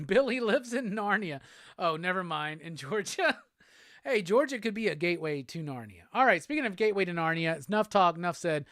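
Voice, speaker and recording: A man's voice: sits high, animated, a little fast, fairly bright tone, dry recording, studio quality. A man hosting a live stream, chatting casually, cursing freely and laughing often. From Southern United States. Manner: profane, laid-back, laughs often. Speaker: livestream host. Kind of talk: casual chat reading viewer comments.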